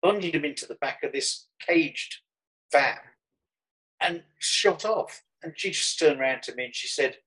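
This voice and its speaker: Man, Birmingham accent, husky voice, rambling anecdotes, interview guest. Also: a little high, animated, a little slow, bright, forceful tone, low-quality recording. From Birmingham, England. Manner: rambling anecdotal storyteller with frequent restarts and chuckles. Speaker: artist guest. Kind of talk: conversational interview, storytelling.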